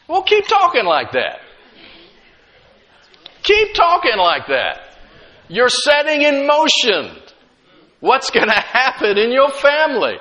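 Slow, high-pitched preaching man. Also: wildly swooping pitch, muffled recording. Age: middle-aged. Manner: emphatic preaching with swings between loud and quiet; humorous storytelling asides. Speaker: pastor. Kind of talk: sermon.

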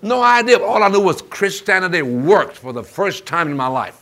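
A man preaching a sermon in an animated call-and-response style, asking the congregation for amens. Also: high voice, moderate pace.

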